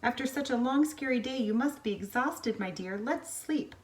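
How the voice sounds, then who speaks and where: A woman's voice: fairly high pitch, animated, moderate pace, distant mic, a little hiss or hum, natural voice. A woman voicing a loving mother penguin, tender and soothing, read from a storybook.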